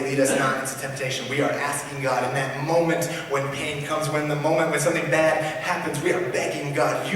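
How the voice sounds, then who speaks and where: A man preaching a sermon as pastor, earnest, swinging from loud emphatic lines to hushed ones. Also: on the high side, slight background noise. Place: large church sanctuary. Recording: echoey church hall from far off.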